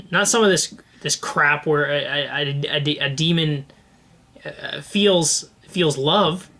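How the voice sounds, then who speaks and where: A man's voice: fairly high pitch, pushed and bright. A young man co-hosting a comedy advice podcast, chatting casually and often stopping to restart his sentences. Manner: halting, many restarts and fillers. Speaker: podcast co-host.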